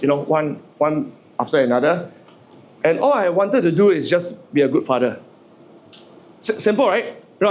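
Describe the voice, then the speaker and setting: A man's voice: high voice, a little mellow. A man, giving a humorous motivational speech to a live audience, stammering and repeating words as he jokes and asks the crowd questions. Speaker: motivational speaker.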